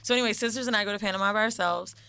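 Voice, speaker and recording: A woman's voice: medium pitch, racing, smooth, no echo. A woman co-hosting a casual chat, telling a story with slang and swearing and acting out the people in it. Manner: animated storyteller, acts out quoted people. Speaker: podcast co-host telling a story.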